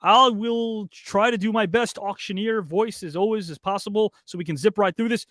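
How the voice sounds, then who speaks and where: An upbeat male host with a high voice, reading viewer comments and votes on a live online show. The sound is dry and close, with no room around it. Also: moderate pace, hardly any pauses, fairly bright tone, no echo.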